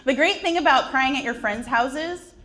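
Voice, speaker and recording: Her voice is high-pitched and her pace moderate as this forties-aged woman tells funny, self-deprecating personal stories at a conference, laughing at her own jokes along the way. The background is noisy.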